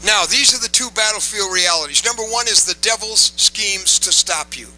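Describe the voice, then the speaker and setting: A man's voice: high voice, moderate pace, bright, forceful tone, faint music behind, low-quality recording. A man preaching a sermon to a live audience, emphatic and repeating key phrases, coaxing the crowd to respond.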